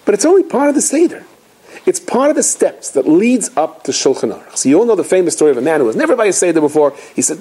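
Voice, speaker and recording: A rabbi tells stories in an inspirational holiday talk, acting out each character. His voice sits fairly high and is husky and breathy. His pitch swings widely as he talks. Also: fast, poor audio. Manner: animated storytelling with acted quotes.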